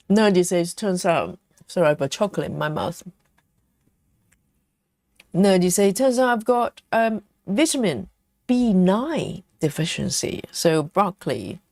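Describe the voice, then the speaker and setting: A woman's voice: on the low side, slow, pauses often, no room sound, clean studio sound. A woman hosting a live cross-stitch stream, reading viewer comments aloud and chatting back while she stitches and eats chocolate. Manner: chatty, reads comments aloud and answers them.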